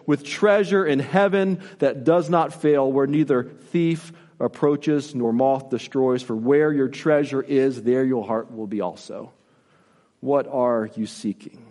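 A man's voice: fairly high pitch, a little mellow, long reverb tail. A man preaching a sermon in an earnest, repetitive style with rising emphasis. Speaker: pastor.

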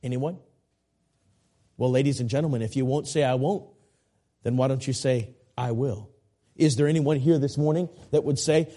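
A man preaching a sermon in church, telling a story slowly and with emphasis before a fervent altar call. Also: mid-range voice, warm tone. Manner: slow, emphatic storytelling, rising to fervent appeals. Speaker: pastor. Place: church sanctuary.

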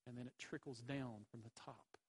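A man's voice: medium pitch, steady tone, moderate pace, husky, low-quality recording. A man preaching a sermon, emphatic, with rhetorical questions and repeated phrases. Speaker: pastor.

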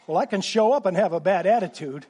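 High-voiced husky preaching pastor man. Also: quick pace. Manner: animated preaching with sudden drops to quiet asides. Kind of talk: sermon.

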